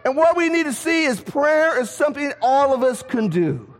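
Preacher, male, very high voice, animated delivery, long hall reverb. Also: moderate pace. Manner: animated, rhetorical questions, shifts loud and soft. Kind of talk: sermon. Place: church sanctuary.

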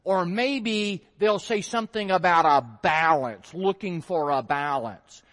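A man's voice: sits high, measured pace, fairly bright tone. A man preaching a sermon in a conversational way, asking rhetorical questions and acting out his listeners' reactions. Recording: long hall reverb.

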